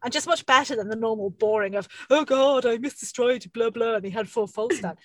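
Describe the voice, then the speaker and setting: A woman's voice: fairly high pitch, a little fast, fairly bright tone, no echo. A woman co-hosting a podcast, chatting in an enthusiastic, encouraging way and swearing freely. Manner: enthusiastic, swears freely, cheering the other host on. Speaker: podcast co-host. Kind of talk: casual chat.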